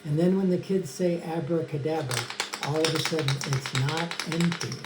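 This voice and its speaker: A man's voice: on the high side, steady tone, moderate pace. Chatty man teaching magic, echoey hum. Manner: chatty, addresses an imagined kid audience. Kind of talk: casual tutorial demonstration. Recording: echoey room with mains hum.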